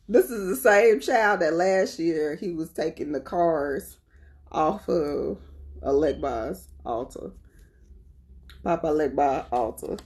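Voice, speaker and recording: A woman with a North Carolina Southern accent talks casually to her viewers in a fairly low voice. She is animated and laughs often as she talks. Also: takes it slowly, pauses often. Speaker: spiritual vlogger.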